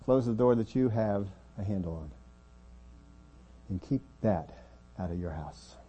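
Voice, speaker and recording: A man preaching a sermon as pastor of a church, earnest, often dropping his voice quiet to make a point. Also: on the low side, animated, unhurried, lo-fi sound, slight background noise.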